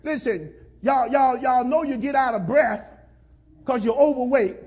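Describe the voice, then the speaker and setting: A male pastor preaching to his congregation in a strikingly high voice. He scolds and drives his points home through repetition, and now and then breaks into a shout. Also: measured pace. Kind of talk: sermon.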